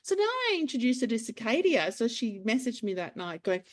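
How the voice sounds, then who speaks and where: A woman, a clinic owner talking as a podcast guest, animated, acting out the voices in her stories. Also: fairly high pitch, brisk. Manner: animated storyteller, acts out quotes. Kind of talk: casual interview chat.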